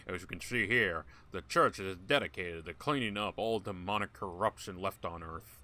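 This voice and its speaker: A man's voice: deep voice, moderate pace, pushed and bright. A man giving casual gameplay commentary, joking, swearing often and talking to game characters. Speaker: gaming YouTuber.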